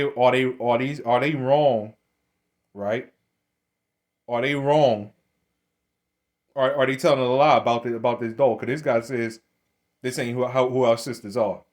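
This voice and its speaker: A man's voice: medium pitch, animated, moderate pace, pauses often, a little mellow. A man giving blunt, confrontational commentary to camera. He often repeats himself, restarts his sentences and keeps calling his listeners "man". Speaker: religious commentator.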